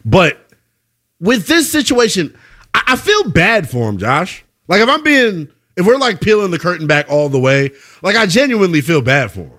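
Animated, bright-voiced man arguing sports. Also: sits high, moderate pace. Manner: animated, emphatic, repeats himself. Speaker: sports talk co-host. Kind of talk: casual sports debate.

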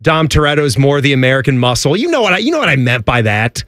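Chatty man with lively pitch. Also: fast talker, dry recording, studio quality. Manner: conversational, trailing fillers like "like". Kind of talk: casual chat.

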